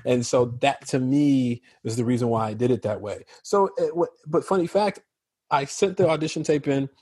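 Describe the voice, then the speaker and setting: A man from Chicago with an American accent, a guest actor chatting casually in an interview, relaxed and quick to laugh. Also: medium pitch, husky, no echo. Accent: General American. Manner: relaxed, laughs easily, many fillers.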